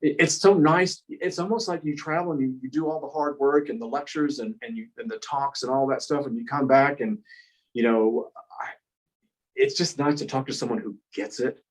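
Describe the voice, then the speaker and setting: A man's voice: mid-range voice, moderate pace, low-quality recording. A man guest speaker and author telling personal stories in an earnest, rambling way, with frequent restarts. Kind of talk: conversational storytelling.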